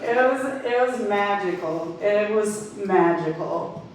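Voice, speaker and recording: A woman doing stand-up storytelling, delivering dark jokes deadpan and often laughing at her own lines. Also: medium pitch, slow pace. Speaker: stand-up comedian. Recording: very echoey, distant mic, faint noise.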